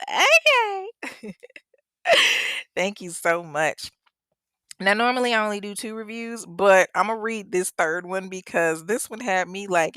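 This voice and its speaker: A young woman hosts her own podcast, chatting loosely in slang and tossing in asides to her listeners. Her voice sits fairly low. The sound is dry and close, with no room around it. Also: fairly bright tone, smooth, no echo. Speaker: podcast host. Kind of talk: casual podcast chat reading listener reviews.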